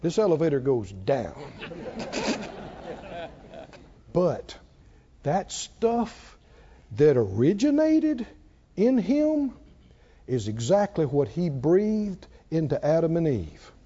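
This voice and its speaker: A man preaching a sermon in a folksy, animated way, asking the congregation questions as he goes. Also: fairly high pitch, slow pace, pauses often, husky. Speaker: pastor. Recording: dull lo-fi recording.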